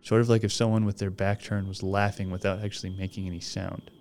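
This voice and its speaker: A man's voice: deep voice, level tone, fast, gravelly, a little mellow, slight background noise. A man hosting a podcast, reading a horror story aloud in a casual way and swearing freely as he goes. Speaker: podcast host.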